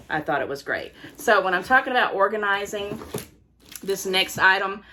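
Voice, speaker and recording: A woman's voice: fairly low pitch, bright, forceful tone, a little hiss or hum. An older woman, a grandmother, chatting casually on camera at home about her thrift finds, laughing often and stopping to handle the items. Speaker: thrift haul vlogger. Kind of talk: casual haul video chat.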